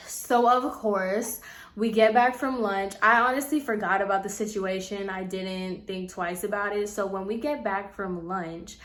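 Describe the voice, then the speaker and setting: A young woman vlogger telling a casual storytime in a slangy, animated way, acting out the voices of the people she quotes. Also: mid-range voice, a little slow, a little hiss or hum. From Puerto Rican heritage.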